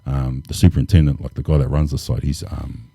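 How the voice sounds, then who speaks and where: A man, relaxed and laid-back, telling stories as an interview guest with lots of casual fillers. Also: a bass voice, fast talker, vocal fry, husky, dry recording, clean studio sound. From New Zealand. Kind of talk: casual storytelling.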